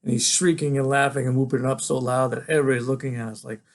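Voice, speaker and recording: A man, a teacher, reading a novel aloud in a relaxed, conversational storytelling way. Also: medium pitch, racing, vocal fry.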